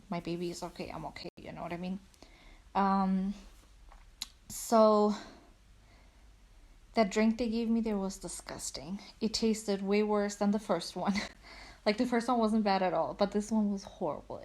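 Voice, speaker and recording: A woman's voice: medium pitch, darkish tone. A young woman chatting casually at home, a little out of breath, rambling with lots of "like"s. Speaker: vlogger. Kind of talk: casual chat. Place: at home on a couch.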